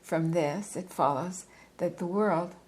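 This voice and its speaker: A woman reading a philosophy book aloud in a measured, deliberate way, stopping now and then for a quick aside or to correct herself. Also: on the low side, darkish tone, low-quality recording. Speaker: reader.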